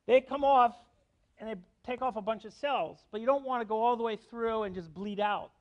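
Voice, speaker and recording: A man's voice: extremely high pitch, moderate pace, lo-fi sound. A middle-aged man giving a university biology lecture, explaining step by step and checking in with students. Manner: explanatory, asks students questions, frequent "okay?". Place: lecture hall.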